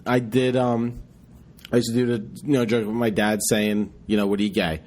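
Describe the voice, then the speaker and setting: A man's voice: on the low side, moderate pace. A man hosting a comedy podcast, telling joking stories from his stand-up shows. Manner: animated, joking storyteller. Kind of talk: casual podcast chat.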